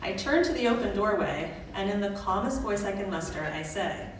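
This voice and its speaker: A woman tells a live personal story in a comic, self-mocking way, pitched in a middling range. Her voice sits at a distance from the mic and rings through a very echoey hall. Steady background noise runs beneath her. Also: brisk. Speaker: storyteller, student midwife.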